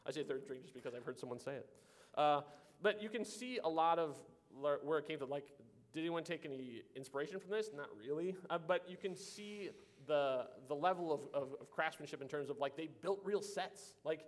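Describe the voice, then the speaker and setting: A man's voice: on the high side, lively intonation, fairly quick. A man co-hosting a casual chat, rambling and self-deprecating as he shares movie trivia. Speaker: podcast co-host.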